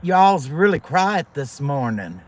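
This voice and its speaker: A woman's voice: sits low, sing-song, slow, darkish tone, a little hiss or hum. A woman hosting a livestream, chatting affectionately with viewers by name and pet names. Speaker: livestream host. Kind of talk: casual chat with viewers.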